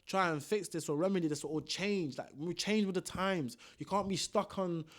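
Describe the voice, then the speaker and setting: Man, young, casual commentary, slangy, repetitive, a little high-pitched. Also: normal speed, a bit bright. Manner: slangy, ranting, repeats himself. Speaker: boxing vlogger.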